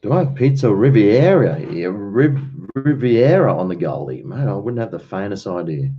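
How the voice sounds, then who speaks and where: A man's voice: lowish voice, sing-song, moderate pace, muffled recording, a little hiss or hum. A man hosting a casual livestream, chatting and rambling while he answers viewers' comments. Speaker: livestream host.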